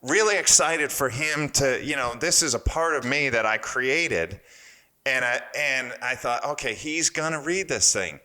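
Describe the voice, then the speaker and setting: A man in his fifties with a bright, forceful voice tells a story on a podcast. He is animated and excitable, and he acts out the other people's words as he goes. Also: medium pitch, measured pace. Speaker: guest, former wrestler and strength coach.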